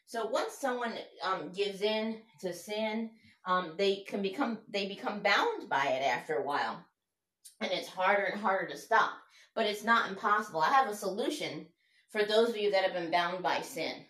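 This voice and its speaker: A woman's voice: mid-range voice, animated, normal speed, a bit bright. A woman preaching an informal sermon in an earnest, conversational way. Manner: earnest, conversational, fumbles while looking up verses. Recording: echoey room.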